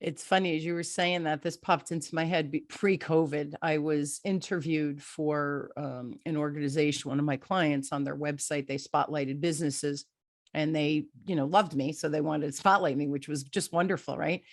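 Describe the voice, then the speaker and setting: A woman's voice: sits low, normal speed, no echo, studio quality. A middle-aged woman, hosting an interview in a conversational way and telling stories with acted-out dialogue. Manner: animated storyteller, acts out dialogue. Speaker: podcast host.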